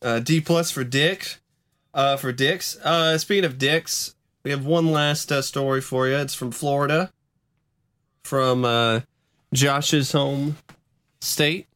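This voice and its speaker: A man's voice: medium pitch, fairly even intonation, slow, fairly bright tone, dry recording. Dry-sounding laughing podcast man. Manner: laughs easily, mock-outraged, swears. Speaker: podcast co-host. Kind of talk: casual comedic podcast chat.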